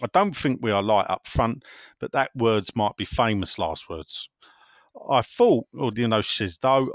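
A man's voice: mid-range voice, lively intonation, measured pace, no echo. A man hosting a casual football chat show, reading out listener messages with wry, teasing asides and frequent self-interruptions. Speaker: football phone-in host.

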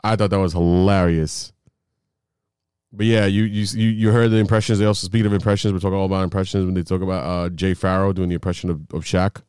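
A man co-hosting a casual sports podcast, telling stories in an excitable, rambling way with lots of fillers. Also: low-pitched, quick pace, clean tone, no room sound, studio quality. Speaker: podcast co-host.

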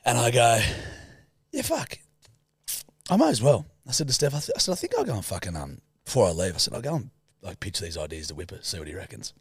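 A man's voice: fairly low pitch, very animated, fast talker, slightly rough, no room sound, clean studio sound. An Australian man co-hosting a podcast, telling a story in casual chat, sweary and laughing often. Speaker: podcast co-host.

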